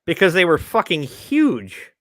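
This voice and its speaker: A man's voice: high voice, huge pitch swings, a little slow, fairly bright tone, no room sound. A man hosting a podcast, chatting casually with blunt, crude jokes. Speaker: podcast host.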